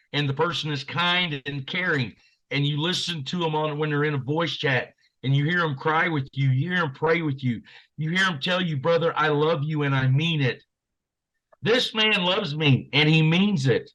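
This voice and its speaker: A man's voice: on the high side, bright, forceful tone, poor audio. A man speaking as a podcast guest in an earnest, heartfelt, almost preacher-like way. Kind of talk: casual podcast chat.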